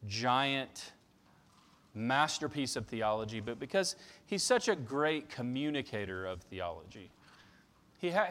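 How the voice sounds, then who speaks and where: A man's voice: medium pitch, fairly bright tone. A man preaching a sermon, telling stories conversationally and pressing points with emphasis. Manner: conversational storytelling with emphatic passages. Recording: long reverb of a large hall.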